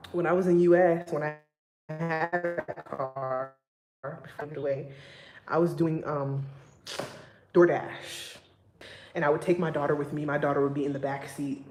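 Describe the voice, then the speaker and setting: A young woman and single mom chatting casually with her viewers, emphatic and getting loud and exasperated when she vents. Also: sits low, echoey room, slight background noise. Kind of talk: casual livestream chat.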